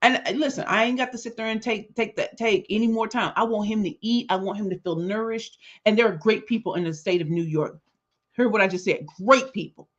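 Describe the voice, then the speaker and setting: A middle-aged woman hosting her podcast, telling a story in an animated, conversational way with emphatic repetitions. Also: medium pitch, a little fast. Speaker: podcast host and business speaker. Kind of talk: storytelling monologue. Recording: dull lo-fi sound.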